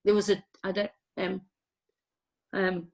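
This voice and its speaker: A woman's voice: mid-range voice, level tone, slow pace, vocal fry, a little mellow. A woman nurse in casual conversation, telling anecdotes in a chatty, rambling way. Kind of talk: casual chat.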